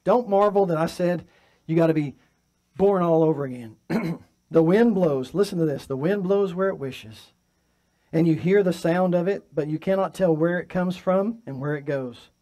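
Male pastor, fairly high voice, preaching in church, moves between forceful emphasis and hushed delivery. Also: normal speed. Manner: preaching with swings from loud emphatic to soft and quiet. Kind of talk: sermon. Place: church sanctuary.

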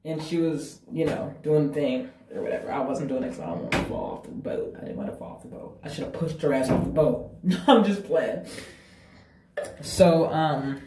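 A woman's voice: deep voice, normal speed, far from the mic, slight background noise. A woman telling a breakup story to camera, casual, blunt and full of swearing. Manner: profane, blunt, animated storytelling. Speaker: vlogger. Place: bathroom. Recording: echoey bathroom from off-mic.

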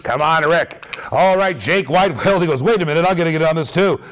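Host type: high-pitched man, hyped live-auction caller, repeats himself a lot. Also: a little fast. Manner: energetic, repetitive hype calls with laughs. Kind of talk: excited live-stream patter.

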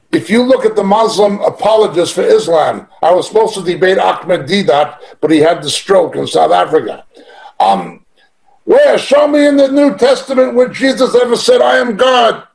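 A man's voice: high voice, creaky, a little mellow, poor audio. A man teaching through a Bible passage verse by verse, reading it aloud and stressing points by repeating them. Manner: emphatic, repeats key phrases, reads verses aloud.

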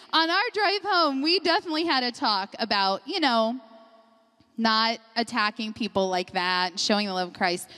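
A middle-aged woman pastor preaching a sermon, telling personal stories in an animated way and often laughing as she talks. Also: on the high side. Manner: animated storyteller, laughs often mid-sentence. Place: church sanctuary. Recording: long reverb of a large hall.

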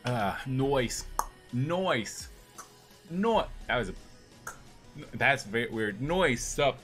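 A man's voice: mid-range voice, sing-song, drawn-out words, fairly bright tone, soft background music. A man live-streaming a game, chatting casually with viewers in an upbeat, rambling way. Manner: upbeat, greets chat, rambling with restarts. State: hyped on energy drink.

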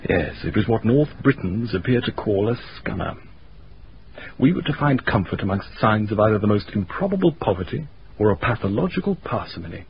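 A precise, sardonic gentleman who recounts events in a dry manner and a lowish voice. The recording is muffled old radio with a faint hiss. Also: very animated, a little fast. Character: dry, urbane English gentleman, Mr Gilby.

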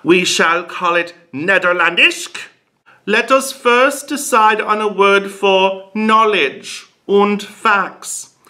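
A man's voice: sits high, slow pace, bright, forceful tone, pitched above the performer's own voice, heavily acted. A man voicing a grandiose medieval village leader, speaking in a theatrical, pompous way.

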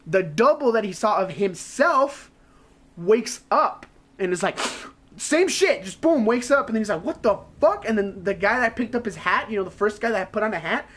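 A man's voice: high voice, lively intonation, moderate pace, fairly bright tone, breathy edge. Profane rambling male game streamer. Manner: rambling, swears constantly, acts out his own reactions. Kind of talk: casual profane gaming rant.

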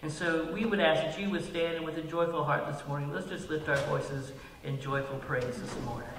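A man's voice: a little high, steady tone, a little fast, recorded from a distance. A man making friendly, informal announcements and welcoming worshippers in a church sanctuary. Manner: friendly, informal, with fillers and self-corrections. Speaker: worship leader. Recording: roomy hall reverb from off-mic.

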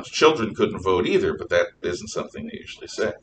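Lively male teacher lecturing in an echoey classroom. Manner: lively, opinionated, spells words out slowly. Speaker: history teacher. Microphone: distant room mic. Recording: echoey classroom from far off with faint rumble.

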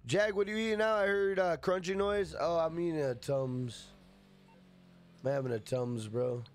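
A man's voice: on the high side, moderate pace. A man casually live-streaming a game, greeting chatters by name and swearing freely.

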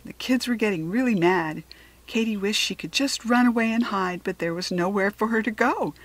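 A woman reading a children's chapter book aloud in a gentle storytelling way, sometimes dropping into soft whispered asides. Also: mid-range voice, moderate pace.

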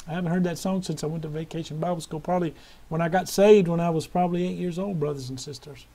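A man's voice: a little high, fairly even intonation, fast talker, creaky, dark tone. A middle-aged man preaching a sermon with fervent hallelujahs and praise, sometimes breaking into song.

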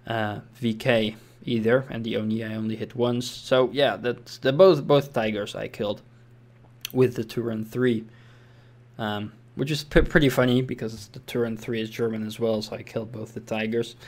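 A man's voice: medium pitch, steady tone, moderate pace. A young man casually commenting over his own tank game replay, thinking aloud with fillers and restarts. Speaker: gameplay commentator.

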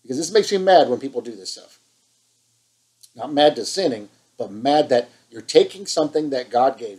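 A man's voice: fairly high pitch, a little mellow, rough recording. A man preaching an impassioned online sermon, fired up and scolding, hammering points with repetition.

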